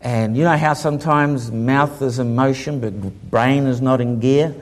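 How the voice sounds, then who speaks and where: A man preaching, telling a humorous story and acting out the people in it in a lively way. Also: medium pitch, unhurried. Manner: lively, humorous, acts out the people in his stories. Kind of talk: sermon storytelling.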